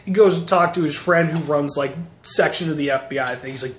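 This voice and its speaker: A man's voice: fairly high pitch, steady tone, a little fast, hardly any pauses, fairly bright tone. A man sarcastically recapping action movies in a casual, profane, rambling way. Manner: sarcastic, profane, mocking voices. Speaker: movie reviewer. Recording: echoey room, faint noise.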